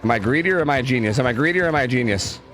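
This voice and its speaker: A man's voice: mid-range voice, lively intonation, racing, music in the background. A young man from New York streaming a game, talking in a laid-back way with lots of filler words. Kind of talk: casual gameplay commentary.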